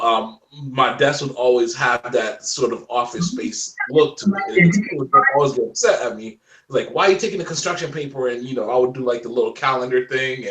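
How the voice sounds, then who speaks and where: A man in his forties telling stories in a casual interview chat, animated and laughing often. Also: medium pitch, roomy sound, distant mic. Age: 40s. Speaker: guest.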